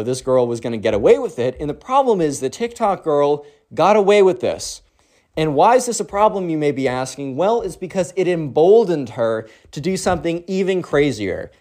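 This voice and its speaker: Brief: young male vlogger, excitable storyteller, lively pitch. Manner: slangy, excitable, lots of 'bro' and 'like'. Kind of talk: casual storytime vlog.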